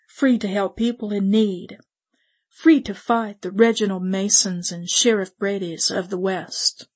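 Woman narrating a western audiobook. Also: medium pitch. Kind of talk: scripted first-person narration.

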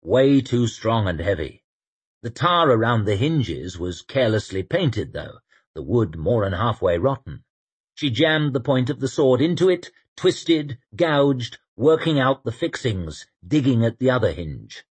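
A man narrating an audiobook in a vivid, expressive storytelling manner. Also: medium pitch, unhurried, slightly rough. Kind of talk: scripted narration.

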